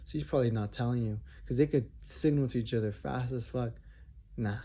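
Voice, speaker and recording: A man's voice: medium pitch, brisk. A man delivering a heated, profane, confrontational monologue rant straight to his viewers, repeating himself for emphasis. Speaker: vlogger. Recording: dull lo-fi recording.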